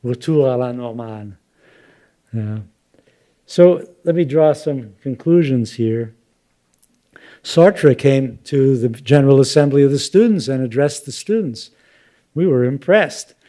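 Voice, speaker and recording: Older man lecturing, mellow voice. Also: mid-range voice, animated. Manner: thoughtful, unhurried, with fillers and asides. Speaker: professor giving a lecture. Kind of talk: public lecture with slides.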